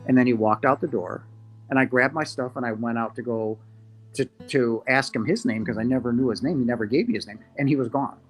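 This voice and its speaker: A man, a podcast guest, earnestly recounting a personal encounter, halting with restarts and quoting himself as he goes. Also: mid-range voice, soft background music. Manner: earnest, halting, many restarts and quoted asides. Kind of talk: first-person storytelling.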